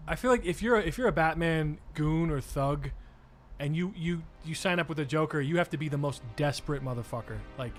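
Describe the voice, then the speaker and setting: A man's voice: on the high side, brisk, faint music behind. A man co-hosting a casual podcast while playing a game, joking around and slipping into silly voices for bits. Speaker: podcast co-host. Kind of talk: casual chat while gaming.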